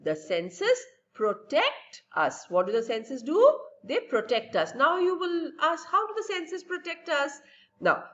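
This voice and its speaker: A woman's voice: sits high, fairly bright tone, muffled recording. A woman teacher giving a recorded science lesson to young children, asking and answering her own questions in a patient, lilting way.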